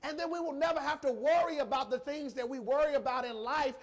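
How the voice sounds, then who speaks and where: A man preaching a sermon, emotional and emphatic, repeating phrases and calling out to the congregation. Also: extremely high pitch. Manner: emphatic, repetitive, slow emphasis; emotional, addresses congregation directly.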